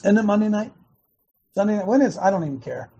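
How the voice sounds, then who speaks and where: A man hosting an online show, talking fast and emphatically, repeating words in bursts. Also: sits high, expressive, vocal fry, dark tone, husky. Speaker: host of an online activist show. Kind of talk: fast casual preaching talk.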